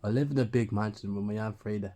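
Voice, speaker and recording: A man's voice: on the low side, steady tone, fast, mellow. A man narrating a first-person horror story in a plain, conversational way.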